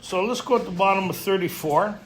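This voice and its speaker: Talking to a live recovery group in a retreat meeting room, a man with a high-pitched voice speaks fairly quickly over slight background noise. His storytelling is lively and blunt, with joking tough-guy humor and plenty of rhetorical "right?"s.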